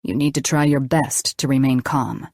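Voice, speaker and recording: A woman voicing a calm, gentle male doctor who speaks softly and steadily with quiet authority. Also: rumbling low, normal speed, no room sound, studio quality, voice pushed down. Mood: calm, reassuring. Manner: soft, steady, reassuring.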